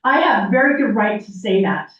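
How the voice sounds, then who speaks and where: A woman's voice: mid-range voice, very animated, moderate pace, a bit bright. Upset older woman in an echoey hall. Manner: upset, emphatic, pleading. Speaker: public commenter. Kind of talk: public comment at a city meeting. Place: city council chamber. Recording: echoey room mic, heard from far off, dull.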